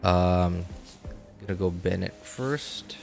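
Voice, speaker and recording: A low-voiced male gamer chatting loosely through gameplay, in no hurry and often circling back to correct himself. He laughs easily between thoughts, with soft game music playing underneath. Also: slow pace, gravelly. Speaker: gaming streamer. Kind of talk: casual gameplay commentary.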